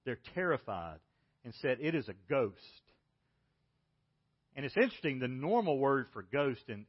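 Pastor preaching with loud and hushed swings. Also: male voice, fairly high pitch, husky, lo-fi sound. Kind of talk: sermon.

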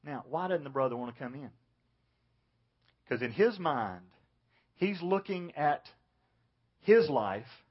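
Husky-voiced man preaching a sermon. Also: expressive, slow pace, long pauses, muffled recording. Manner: earnest preaching, dropping low and soft for emphasis. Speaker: pastor.

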